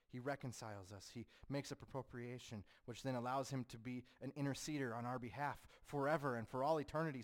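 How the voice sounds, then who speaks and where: Man, pastor, sermon, fervent rises, hushed solemn drops. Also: medium pitch.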